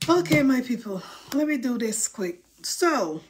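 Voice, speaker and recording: A woman's voice: fairly high pitch, big pitch swings, a little slow, breathy edge. A woman hosting a casual livestream, chatting and reading viewer comments in a dramatic way, with informal dialect grammar. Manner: chatty, dramatic mock-crying over likes. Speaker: livestream host.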